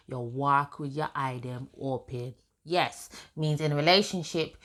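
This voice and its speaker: A woman a slightly low voice chats casually to camera, sharing her opinions. She talks emphatically, stacks up long lists, and slips into her talk. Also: fairly bright tone. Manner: chatty, emphatic, piles up lists. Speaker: gossip vlogger.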